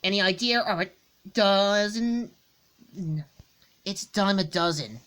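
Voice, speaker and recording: A woman voicing a brash, hot-headed young female fighter, reading comic dialogue in a cocky, loud manner. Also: medium pitch, slow pace.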